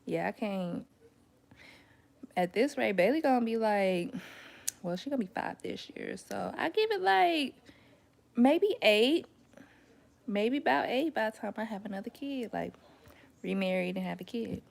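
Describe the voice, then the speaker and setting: A woman's voice: medium pitch, animated, a little slow, gravelly, long pauses. A young woman chatting casually as a mom, telling stories with slangy asides and frequent laughter. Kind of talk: casual chat.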